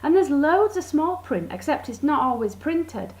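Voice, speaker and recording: Brief: woman, mocking satirical monologue, highish voice with a bouncy, animated pitch. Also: normal speed, rough recording. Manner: sarcastic, mocking, drawls words for effect. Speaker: vlogger.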